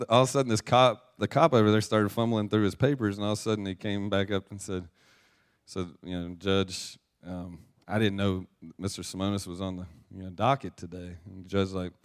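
A male pastor telling a personal story in a casual, chatty sermon and reading from scripture, with frequent restarts. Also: fairly low pitch.

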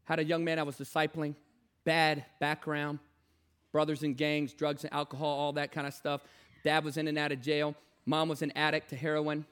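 A man preaching a sermon and telling stories, impassioned and repetitive, swinging from loud declarations to hushed storytelling. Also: fairly high pitch, monotone, moderate pace, clean tone.

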